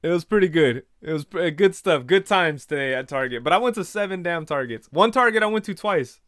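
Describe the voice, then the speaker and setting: A man's voice: a little high, animated, brisk, a bit bright, no echo, studio quality. A man hosting a casual livestream, reading viewer comments and telling rambling stories with quoted back-and-forth. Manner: rambling storyteller, retells conversations in quoted voices. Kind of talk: casual chat.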